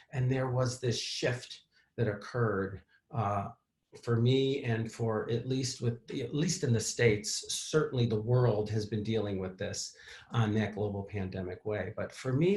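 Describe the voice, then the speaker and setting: A man's voice: mid-range voice, darkish tone, reverberant. A man hosting a therapy talk, telling a personal story to his audience in a candid, reflective way with fillers and restarts.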